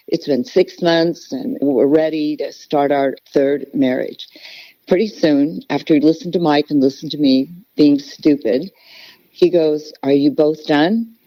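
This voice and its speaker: A woman's voice: low-pitched, no echo. Middle-aged woman, podcast guest, earnest and emotional storyteller, dry lo-fi sound. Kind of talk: personal storytelling interview. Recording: dull, lo-fi podcast audio.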